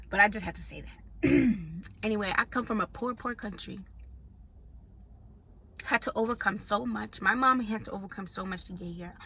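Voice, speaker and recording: A young woman talks to camera in a loose, unscripted monologue. Her voice is bright and forceful, and she is blunt and profane, swinging from loud bursts to hushed, whispered asides. A faint background noise sits under her voice. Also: mid-range voice. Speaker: vlogger.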